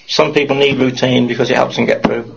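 A man's voice: mid-range voice, little pitch movement, brisk, creaky, rough recording. A middle-aged man with a mixed Birmingham and Geordie accent, rambling through his life story in an interview and often ending with tag questions. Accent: mixed Birmingham, Geordie and Welsh. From Wales, raised in Birmingham.

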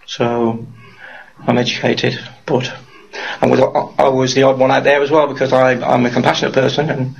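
A man's voice: medium pitch, little pitch movement, normal speed, gravelly, dull audio. A middle-aged man with a mixed Birmingham and Geordie accent, rambling through his life story in an interview and often ending with tag questions. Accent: mixed Birmingham, Geordie and Welsh. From Wales, raised in Birmingham.

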